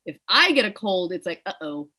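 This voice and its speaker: Podcast guest, woman, clear bright tone, expressive storyteller. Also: lowish voice, fairly quick. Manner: animated, emotional storytelling with laughs. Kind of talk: casual storytelling chat.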